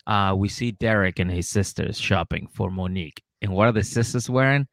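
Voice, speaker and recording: A man co-hosting a casual comedy podcast, laughing a lot and acting out people's lines in quick put-on voices. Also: lowish voice, fairly bright tone, dry recording, clean studio sound. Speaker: podcast co-host recapping a reality show.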